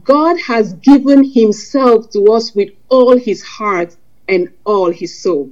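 A woman with a fairly high voice preaches a sermon, earnest and conversational, weaving scripture quotes into plain talk to her congregation. The recording is dull and lo-fi. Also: slow pace, darkish tone. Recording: lo-fi dull sound.

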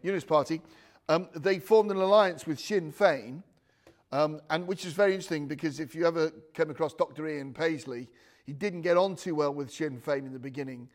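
A man's voice: on the high side, fairly quick. A man preaching an informal sermon to a small room, chatty and digressive, with restarts and asides to his listeners. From United Kingdom. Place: room with a live audience. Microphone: speaking without a handheld mic.

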